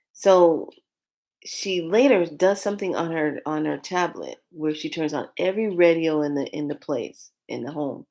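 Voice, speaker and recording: A woman with a notably low speaking voice shares a dream in a loose, conversational spiritual vlog. She circles back on her words, restarting and repeating phrases, and presses her points with earnest emphasis. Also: darkish tone. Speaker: spiritual vlogger. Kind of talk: casual spiritual storytelling.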